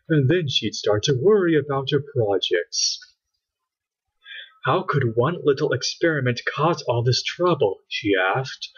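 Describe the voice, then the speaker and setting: A man reading a children's book aloud with expressive storytelling, on a dull lo-fi recording. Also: medium pitch, slightly rough. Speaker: storybook reader.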